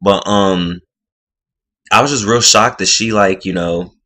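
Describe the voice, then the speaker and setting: A man's voice: lowish voice, measured pace, pushed and bright. A man casually recapping a reality show episode in a rambling way, full of filler words. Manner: rambling, full of "like" and "you know".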